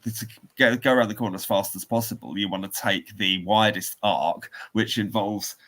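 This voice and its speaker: A man's voice: lowish voice, fairly even intonation, normal speed, a bit bright. A man, co-hosting a podcast and telling a rambling story with laughs and restarts. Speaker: podcast co-host. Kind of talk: casual chat, storytelling.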